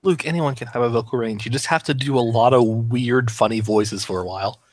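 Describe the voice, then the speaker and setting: A man who voices characters, talking shop in a casual podcast chat, animated and swearing freely. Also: medium pitch, brisk, no echo. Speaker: voice actor discussing his roles.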